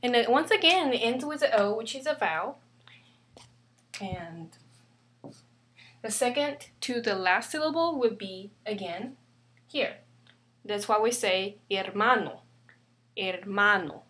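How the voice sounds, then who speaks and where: A woman teaching an online language lesson, patient and repeating each example slowly. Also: fairly high pitch, expressive, a bit bright. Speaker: Spanish teacher.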